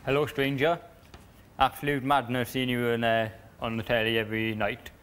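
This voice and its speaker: A young man, a reality show contestant, reading a family letter aloud, halting and stumbling over words. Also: mid-range voice, little pitch movement, a bit bright, clear, resonant tone. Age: young adult.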